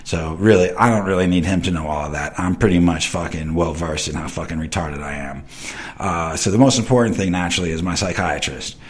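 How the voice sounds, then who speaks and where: A man's voice: low voice, brisk. A middle-aged man hosting an internet radio show, rambling in a casual monologue full of swearing and talking straight to his listeners. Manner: reads and answers chat comments.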